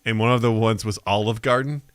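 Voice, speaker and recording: A man's voice: fairly low pitch, steady tone, fast, smooth, dry recording. A man co-hosting a podcast, telling stories in casual chat and acting out quotes, swearing freely. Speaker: podcast co-host.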